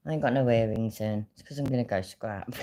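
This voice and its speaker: A woman with an extremely low, dark voice speaking at a moderate pace hosts a livestream. She rants about being scammed, angry, vexed and swearing heavily, in a casual rant.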